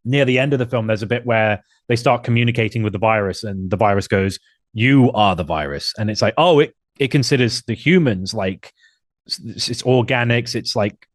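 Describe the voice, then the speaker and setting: A man's voice: mid-range voice, fairly quick, no echo, studio quality. A man hosting a casual film podcast, talking enthusiastically and now and then acting out lines in funny voices. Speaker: podcast host.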